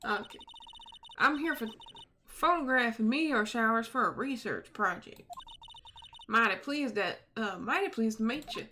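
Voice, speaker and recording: A woman's voice: medium pitch, normal speed, pushed and bright, a little hiss or hum, lightly acted. Lotta Hart, a drawling country gal as a woman puts her on. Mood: folksy. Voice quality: drawling rustic twang. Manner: folksy and boastful. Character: brash young country woman photographer.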